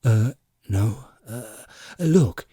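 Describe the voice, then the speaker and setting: A man's voice: fairly low pitch, expressive, dark tone, breathy edge, dry recording, clean studio sound, heavily acted. A man voicing a flustered, evasive male alien adventurer who stammers and pleads in a hurry, as a character voice in an audiobook reading. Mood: nervous, pleading. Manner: stammering with many "uh"s and hurried pleading.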